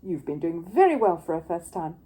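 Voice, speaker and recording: A woman voicing a kindly older male antique dealer who explains things courteously and gently. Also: on the low side, big pitch swings, a little fast, low-quality recording.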